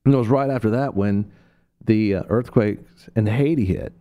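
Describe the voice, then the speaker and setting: A man preaches on a radio talk show at normal speed in a low, warm voice. He tells stories loosely, with plenty of fillers and restarts, and leaps into a high voice to play the people he quotes.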